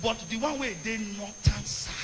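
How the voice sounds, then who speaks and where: A man with a Nigerian accent giving a fiery sermon-style rant, often shouting and slipping into pidgin. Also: high-pitched, steady tone, moderate pace, in a large hall, a little hiss or hum.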